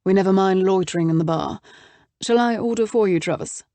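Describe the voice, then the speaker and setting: A woman voicing a polite, brisk businessman with a British accent in an audiobook. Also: medium pitch, dark tone, dry recording, close to an everyday voice. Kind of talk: audiobook character voice.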